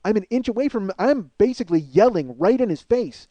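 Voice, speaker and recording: Man, middle-aged, comedy podcast host, high-pitched, lively, profane ranting storyteller. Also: quick pace, no room sound, highs cut off.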